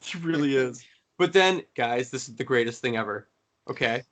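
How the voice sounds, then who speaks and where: A man co-hosting a casual podcast chat, retelling moments with excitement and energy. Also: medium pitch, moderate pace. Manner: excited storytelling, acts out quotes. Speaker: podcast co-host.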